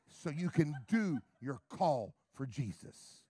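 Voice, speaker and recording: A middle-aged American man, a pastor, preaching a brash, sarcastic sermon that swings from quiet asides to shouts. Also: a little high, expressive, takes it slowly, few pauses, husky, no room sound, clean studio sound. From United States.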